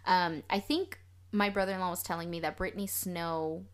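A woman's voice: lowish voice, fairly even intonation, normal speed, clean tone. Texan woman co-hosting a movie podcast, chatty, lots of likes and slang. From Texas. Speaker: podcast co-host. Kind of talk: casual chat.

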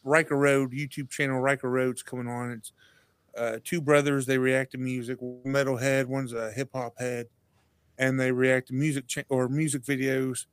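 A man, a podcast guest telling stories in casual chat, animated and laughing, acting out what people said. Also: medium pitch, normal speed, clean tone, no room sound. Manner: animated, laughing storyteller who acts out quotes.

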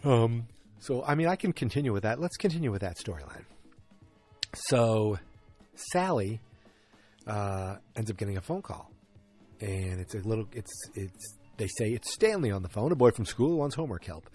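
A man's voice: on the low side, big pitch swings, normal speed, darkish tone, husky, faint music behind. A man hosting a podcast, giving a rambling, casual episode recap with lots of fillers and restarts. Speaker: podcast host.

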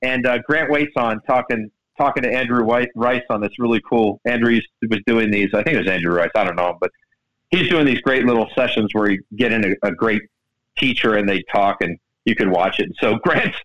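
A man hosting a golf radio show, telling stories in casual sports chat with a lively, storytelling manner, speaking into a studio microphone. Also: fairly quick, poor audio. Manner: animated storyteller, lively swings in pitch.

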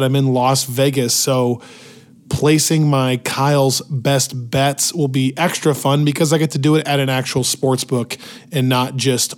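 A man hosting a weekly football podcast, his voice worn out and hoarse, talking in an energetic, opinionated way. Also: medium pitch. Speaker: podcast host. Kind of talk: casual sports talk. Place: hotel room in Las Vegas.

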